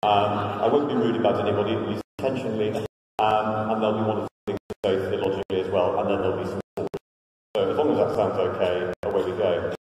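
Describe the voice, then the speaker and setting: A man's voice: on the low side, flat delivery, fast talker, background noise. A man from Liverpool giving a humorous conference talk with wry, self-mocking jokes, recorded from far off in a church hall. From Liverpool, England. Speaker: conference speaker.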